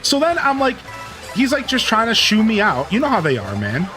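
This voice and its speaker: Male streamer with a high, very expressive voice and casual rambling delivery; faint music underneath. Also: moderate pace. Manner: animated, rambling storyteller using lots of filler words. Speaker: livestreamer. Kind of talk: casual chat with stream viewers.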